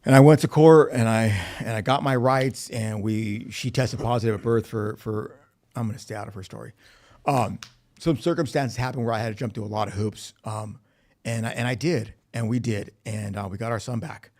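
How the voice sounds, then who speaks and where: A man's voice: on the low side, fairly even intonation, moderate pace. A man telling his recovery story at a meeting, speaking candidly with swearing and acting out quoted dialogue. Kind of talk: personal testimony. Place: recovery facility meeting room.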